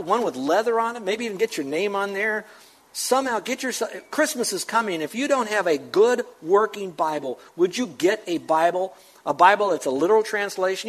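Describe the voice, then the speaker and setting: A man's voice: sits high, low-quality recording. A man preaching a sermon to his congregation as pastor, emphatic and rising to urgent questions.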